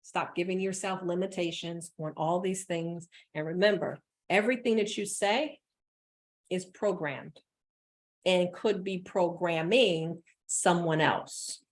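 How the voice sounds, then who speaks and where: A woman business coach giving an energetic motivational talk, repeating phrases for emphasis. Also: fairly low pitch, a little slow.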